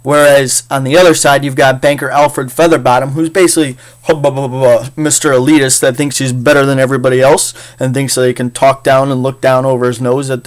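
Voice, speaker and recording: A man teaching a casual history lecture in a chatty, jokey way with frequent fillers. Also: medium pitch. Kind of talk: casual recorded class lecture.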